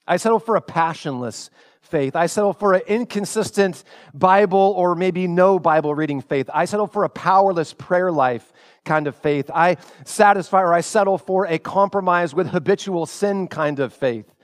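A man's voice: sits high, moderate pace. A man preaching a sermon as pastor, telling stories in a loose conversational way and asking the congregation rhetorical questions.

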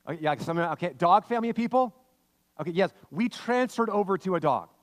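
A man preaching a sermon as pastor, reading scripture and telling a lively family story in animated bursts. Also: sits high, brisk. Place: church sanctuary. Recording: long hall reverb.

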